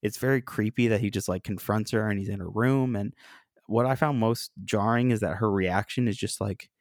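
A man casually discussing an old film with a co-host, animated and acting out the quoted lines. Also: fairly low pitch, normal speed, dry recording, clean studio sound.

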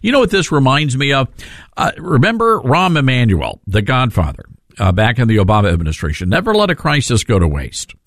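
A man's voice: medium pitch, big pitch swings, a little fast, a bit bright, dry recording, clean studio sound. A man hosting a call-in talk radio show, folksy and agreeable with his caller.

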